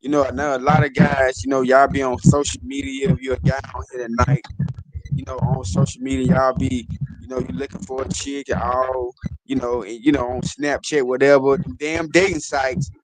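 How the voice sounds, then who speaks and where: A man's voice: mid-range voice, little pitch movement, normal speed. A man hosting a casual stream, talking loosely and rambling as he speaks straight to his audience. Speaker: host of a talk stream. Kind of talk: casual advice chat. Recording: noisy stream audio.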